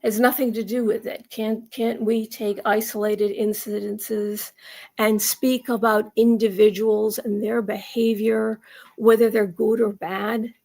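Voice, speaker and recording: A woman's voice: medium pitch, little pitch movement, a little slow, creaky, a little mellow. A woman from the United States delivering a rambling, emphatic opinion monologue with frequent restarts. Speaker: commentary vlogger.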